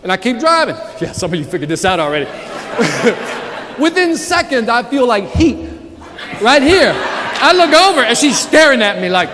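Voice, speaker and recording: In an extremely high, sing-song voice at a moderate pace, a man energetically works the room during a motivational sales keynote, joking and quizzing listeners. There's background noise, and the large conference hall echoes with the audience's laughter and murmur.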